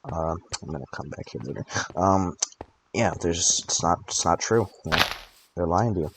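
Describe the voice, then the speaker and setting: A man's voice: low-pitched, moderate pace, a bit bright, poor audio. An eighteen-year-old man rambling through late-night gameplay commentary, tired and groggy from allergy pills, with drowsy joking asides. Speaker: gaming channel host. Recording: clicking noise over the voice.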